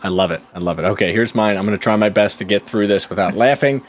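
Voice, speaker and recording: A man's voice: on the low side, quick pace. A man hosting a casual podcast chat, talking chattily with lots of fillers and frequent laughs. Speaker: podcast host.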